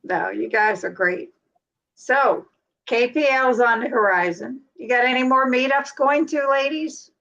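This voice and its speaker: A woman's voice: a little high, a little slow, fairly bright tone, highs cut off. Chatty woman hosting a livestream. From North Carolina. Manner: chatty, laughs easily. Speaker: livestream host. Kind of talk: casual chat.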